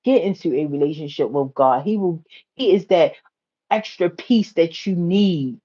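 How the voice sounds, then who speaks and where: A woman's voice: normal speed, husky. Chatty woman on a muffled livestream. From United States. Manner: chatty storytelling, repeats phrases, rises high when excited. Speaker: livestream host. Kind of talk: casual livestream chat.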